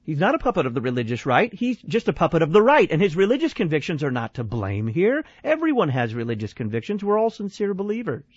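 A man hosts a call-in radio show, commenting with an animated, questioning delivery. His voice sits a little high and swings widely in pitch. The sound is dry and slightly dull. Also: quick pace, few pauses, no room sound. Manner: animated, questioning, repeats phone number. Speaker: radio talk show host.

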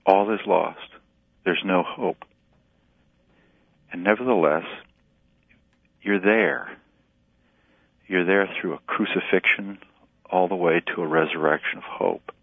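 A man, a pastor and relief director, speaking in an earnest, halting way in a radio interview by phone. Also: low-pitched, animated, vocal fry, no room sound. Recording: tinny phone line, dry.

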